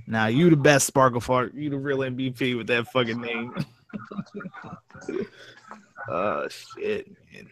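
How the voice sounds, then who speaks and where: A man's voice: medium pitch, slow pace, long pauses, fairly bright tone. A young man, a fellow story narrator, chatting casually, slangy and profane, joking and trailing off. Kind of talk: casual chat.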